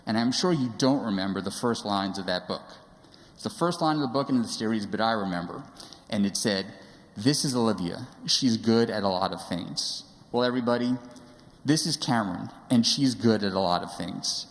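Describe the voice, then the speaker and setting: A man's voice: on the low side, animated. A man in his forties, a father telling fond stories about his daughter, with hesitant fillers along the way. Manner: halting, with fillers, fond storytelling. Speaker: parent giving a speech. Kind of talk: personal storytelling speech. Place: large sanctuary. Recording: long reverb of a large hall.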